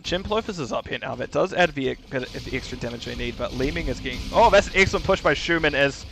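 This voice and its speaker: A man with a New Zealand accent giving fast, casual play-by-play commentary on a live esports match. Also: a little high, expressive, vocal fry, a bit bright. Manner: rapid play-by-play, casual asides. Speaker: esports caster.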